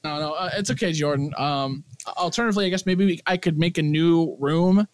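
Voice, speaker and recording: A man's voice: on the high side, a little fast, dry recording. A man hosting a casual podcast over a voice call, laughing a lot while he takes charge of the tech trouble. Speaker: podcast host. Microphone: computer mic on a voice call.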